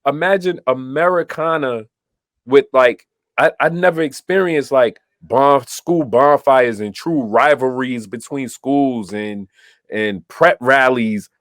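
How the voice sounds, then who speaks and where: A man with a mid-range voice speaks slowly in a clean studio recording without room sound. Co-hosting a casual podcast, this Brooklyn, New York native tells stories with animation, acting out the quoted dialogue.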